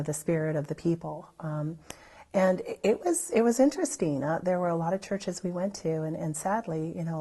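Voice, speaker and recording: Warm-voiced woman telling her church story. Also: sits low. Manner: rambling, heavy on "you know" fillers; lively when recalling others' words. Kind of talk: unscripted personal storytelling.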